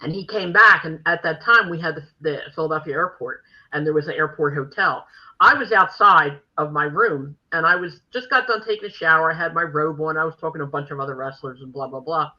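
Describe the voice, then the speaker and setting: An older woman hosting a podcast, telling stories in a brash, animated way and acting out the quotes in casual chat. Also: sits low, a little fast, dull audio. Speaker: podcast host.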